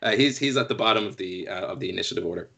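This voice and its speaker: A man's voice: lowish voice, racing, creaky, sharp tone. A man narrating as game master of a tabletop game, rambling and self-deprecating, with lots of fillers.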